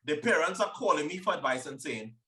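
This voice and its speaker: A man in his forties with a Trinidadian accent touched by American speech, telling stories in a confident, animated way as an interview guest. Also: fairly high pitch, brisk, distant mic, rough recording. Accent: Trinidadian with American influence. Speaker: guest, former Olympic sprinter. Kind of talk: casual interview talk.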